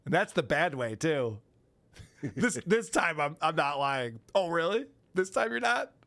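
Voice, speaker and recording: A man's voice: on the high side, very animated, a little slow, fairly bright tone. A man hosting a podcast, commenting on clips in casual chat, often mocking and laughing. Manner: mocking, laughing, mimics voices. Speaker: podcast host.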